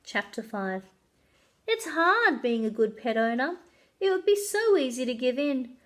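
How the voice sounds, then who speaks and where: Her pitch is high and her pace relaxed as this woman, a librarian, reads from a children's chapter book. It's a lively, expressive read-aloud in which she performs different voices.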